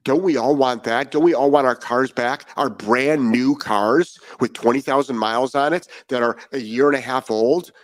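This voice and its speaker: A man's voice: medium pitch, moderate pace, few pauses, no room sound. A man talking as a dog trainer in a podcast monologue, blunt and profane and firing off rhetorical questions.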